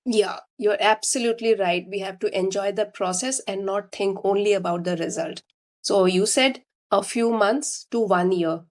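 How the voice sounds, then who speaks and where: An Indian-accented woman teaches English in a measured, explanatory way, stressing each point for beginners. Her voice sits at a middle pitch. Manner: slow, deliberate, explanatory. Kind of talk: instructional talk to learners.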